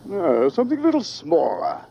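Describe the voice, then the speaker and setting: An actor playing a stern, dryly amused older admiral who speaks briskly. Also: male voice, a little high, huge pitch swings, creaky, warm tone, slightly rough, full character voice. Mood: commanding. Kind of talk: 1960s sitcom acting. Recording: dull lo-fi TV audio.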